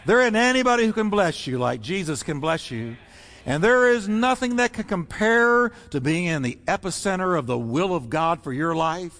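A man's voice: high voice, lively intonation, moderate pace, a bit bright. A man preaching a sermon as pastor, fervent and rhythmic, building repeated phrases. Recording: long reverb in a large hall.

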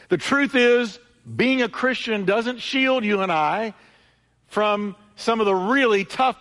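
A man's voice: sits high, a bit bright. Emphatic preaching man in a reverberant hall. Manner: emphatic preaching, repeating phrases with rising and falling intensity. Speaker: pastor. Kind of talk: sermon. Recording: long church hall reverb.

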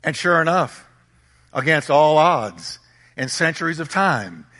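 A man's voice: a little high, very animated, unhurried, pushed and bright, big-room sound. A man preaching a sermon as a pastor, emphatic, repeating his points and firing rhetorical questions at the congregation.

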